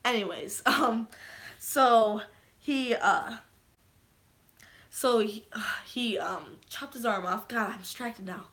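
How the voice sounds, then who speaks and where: A young woman recapping a movie on a live stream, rambling and swearing freely, with sudden excited shouts. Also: fairly high pitch, takes it slowly, pauses often. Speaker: vlogger.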